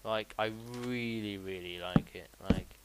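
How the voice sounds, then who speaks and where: A man's voice: low-pitched, fairly even intonation, a little slow. A man chatting casually as he streams a game, rambling and answering his chat. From south of England. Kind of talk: casual live-stream commentary while gaming. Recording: loud background noise with mouse clicks.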